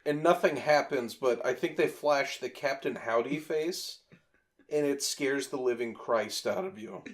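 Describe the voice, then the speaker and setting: A man's voice: medium pitch, a little slow. A man in his twenties, a podcast host, telling a rambling, profane story in casual chat.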